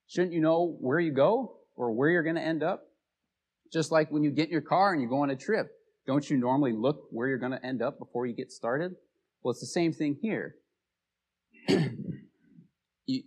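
Brief: male pastor, relaxed storytelling sermon, slightly higher-pitched voice. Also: breathy edge. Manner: casual storytelling, conversational.

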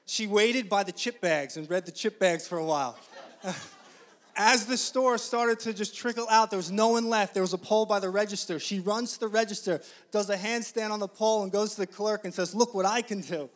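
A man preaching a sermon, telling a story conversationally to the congregation and building to loud, emphatic preaching. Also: high voice, fairly quick. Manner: conversational, addresses the congregation directly.

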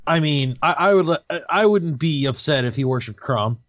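A man's voice: a little high, lively intonation, normal speed, highs cut off. A man co-hosting a casual podcast about tabletop games, stammering into restarts and joking lightly. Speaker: podcast co-host.

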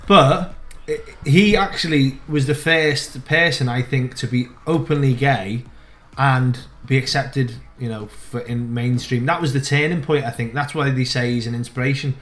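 A man's voice: mid-range voice, measured pace, fairly bright tone. Rambling man chatting. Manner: rambling, restarts, swearing. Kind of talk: casual chat.

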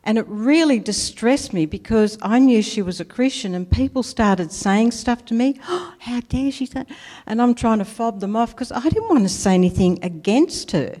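A woman's voice: on the high side, lively intonation, moderate pace, few pauses, warm tone. Australian woman, testimony preacher, chatty anecdotal delivery, long hall reverb. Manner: chatty anecdotal storytelling, laughs at herself. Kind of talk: personal testimony sermon.

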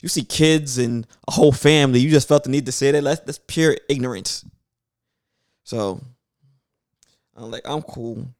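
A man's voice: medium pitch, normal speed, pauses often, no room sound, clean studio sound. A man from Brooklyn with a strong New York accent, telling stories in loose, slangy casual chat.

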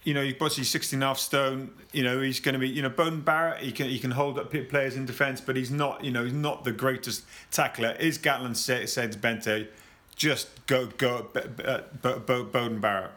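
A man giving rugby opinions in a casual chat, talking in an animated, rambling way with lots of stammered restarts. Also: mid-range voice, brisk, few pauses. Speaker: rugby pundit. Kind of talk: casual sports discussion.

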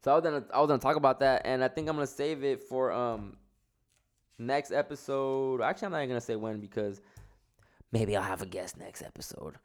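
Smooth-voiced stoned man ranting casually. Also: mid-range voice, a little fast. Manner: rambling, profane, slangy. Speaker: podcast host. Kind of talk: casual solo podcast monologue.

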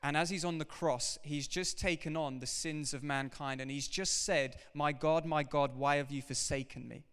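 A man preaching with an animated, emphatic delivery, his voice pitched a little high for a man and smooth and resonant. His words ring out with a long reverb from a large hall. He talks directly to the congregation as he goes. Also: normal speed, few pauses. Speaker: pastor. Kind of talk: sermon.

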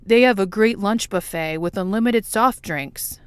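A woman reading the lines of a shy, awkward nerdy man in a fan fiction audiobook, halting and earnest with nervous energy. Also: mid-range voice, clear, resonant tone, no room sound, lightly acted.

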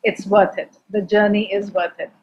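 A woman's voice: medium pitch, little pitch movement, moderate pace. Earnest woman, muffled recording. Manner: earnest, with light laughs and repetitions. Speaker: guest. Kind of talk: reflective conversation on mindfulness.

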